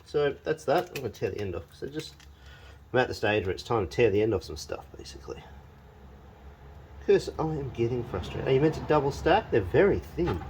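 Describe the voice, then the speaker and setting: A man's voice: medium pitch, big pitch swings, brisk, a little mellow, slight background noise. A man working on his truck in his shed and thinking aloud. He talks to the parts as he goes, wry and grumbling, and often pokes fun at himself. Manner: wry, grumbling, self-mocking. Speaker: home mechanic and channel host. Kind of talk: casual workshop vlog, thinking aloud. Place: home shed or garage.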